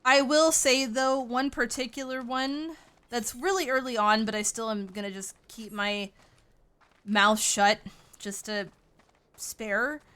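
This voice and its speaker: A woman's voice: fairly high pitch, steady tone, takes it slowly, a bit bright, clear, resonant tone. A woman chatting casually with viewers on a game livestream, sounding tired and greeting each person by name. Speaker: streamer.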